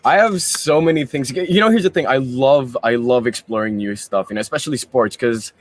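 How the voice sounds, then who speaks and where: A young adult male pageant candidate answers interview questions briskly in a medium-pitched voice. He's chatty and rambling, mixing in Tagalog phrases.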